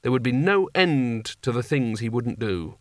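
A man narrates a comic fantasy novel in a wry, expressive way, his voice rising and falling freely. His pitch sits in an ordinary middle range for a man. The recording is dry and close, with no room sound. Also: moderate pace, no room sound. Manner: expressive, wry storytelling delivery. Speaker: audiobook narrator.

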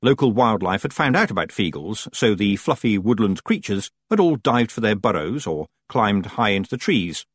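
A male audiobook narrator with a husky, slightly breathy tone who reads expressively. His pitch ranges widely and the recording is close and dry. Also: normal speed, few pauses, dry recording. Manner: expressive storytelling. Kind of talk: scripted narration.

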